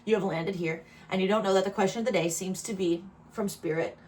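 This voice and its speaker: Woman, tarot reader, casual chatty talk, rambling asides, mid pitch, faint background noise. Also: steady tone, fairly quick, a little mellow. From New Jersey. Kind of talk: casual spoken tarot reading.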